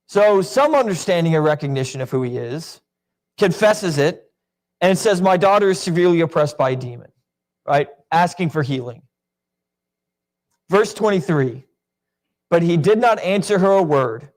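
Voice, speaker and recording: A man's voice: a little high, lively intonation, moderate pace, long pauses, darkish tone. A man teaching a Bible class in a casual, questioning way with many fillers, in a church classroom.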